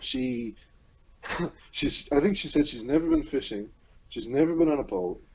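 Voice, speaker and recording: A man from Newfoundland and Labrador hosting a podcast, talking in a rambling, halting way with many restarts. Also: mid-range voice, lively intonation, husky, muffled recording. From Newfoundland and Labrador, Canada. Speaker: podcast host. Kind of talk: casual chat.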